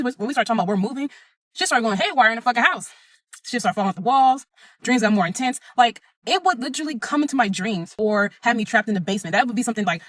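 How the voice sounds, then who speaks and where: A woman's voice: fairly high pitch, no echo. A young adult woman telling her own story in a blunt, emphatic, profane way. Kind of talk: casual first-person storytelling.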